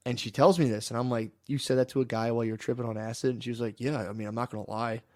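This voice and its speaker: A man co-hosting a podcast, telling rambling, fast anecdotes full of quoted asides in casual chat. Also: medium pitch, flat delivery, a little mellow. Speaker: podcast co-host. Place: podcast studio.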